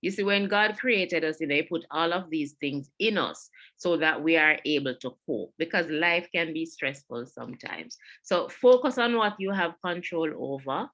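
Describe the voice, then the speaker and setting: Delivering a mental health webinar at normal speed with few pauses, a woman with a Jamaican accent repeats her key ideas earnestly. She has a low, fairly bright voice with lively intonation, captured as online webinar audio.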